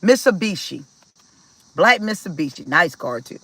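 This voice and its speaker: Woman from maryland chatting to her viewers, lively storytelling, bright voice, dry sound. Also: on the low side, measured pace, husky, no echo, rough recording. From Maryland, USA. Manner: animated, talks to viewers directly, acts out quoted dialogue. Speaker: spiritual vlogger. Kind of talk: casual storytelling monologue.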